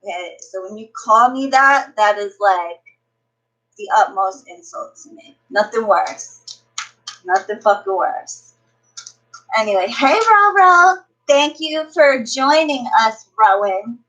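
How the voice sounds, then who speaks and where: A woman's voice: a little high, takes it slowly, fairly bright tone, low-quality recording. A woman tarot reader chatting casually on a livestream, brash and profane, greeting viewers by name.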